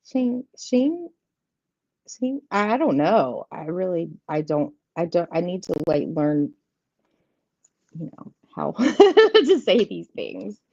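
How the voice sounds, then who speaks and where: A woman's voice: fairly low pitch, big pitch swings, takes it slowly, vocal fry, mellow, no echo. A woman, hosting a casual live tarot stream, chatty and giggly, rambling and greeting viewers by name. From southeastern United States. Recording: dull lo-fi stream audio, dry.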